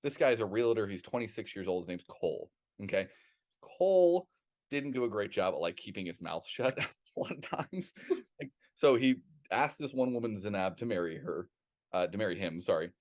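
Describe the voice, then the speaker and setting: A man with a fairly low voice co-hosts a casual podcast, and he rambles through stories with lively, animated energy and a lot of swearing. He keeps his delivery loose and conversational, as if he's just chatting with friends. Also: moderate pace. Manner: rambling, animated storyteller who swears freely. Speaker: podcast co-host.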